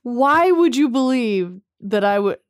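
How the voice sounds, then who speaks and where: A woman co-hosts a podcast, listening closely and dropping in wry, teasing remarks. She talks at an unhurried pace, in a voice a little on the high side. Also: lively intonation, dry recording, studio quality. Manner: reactive, laughs and wry quips. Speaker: podcast co-host. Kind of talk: casual chat.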